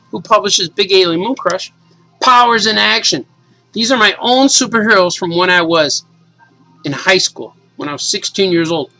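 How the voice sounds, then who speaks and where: A man in his forties, a cartoonist, casually and excitedly reading his comic aloud to kids. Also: sits high, rough recording. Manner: enthusiastic, casual, says "man" a lot.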